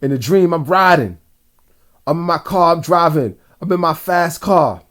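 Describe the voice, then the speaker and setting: A man's voice: a little high, animated, moderate pace, fairly bright tone. A man, a father, casually telling a rambling dream story straight to his viewers in slangy everyday talk. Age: adult father. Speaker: vlogger recounting dreams.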